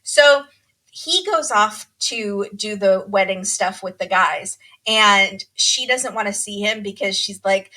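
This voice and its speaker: A woman hosting a podcast, chatting casually and telling a story with lively acted-out quotes. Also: mid-range voice, takes it slowly. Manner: animated storytelling, acts out quotes. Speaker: podcast host. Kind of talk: casual chat, recapping a reality show.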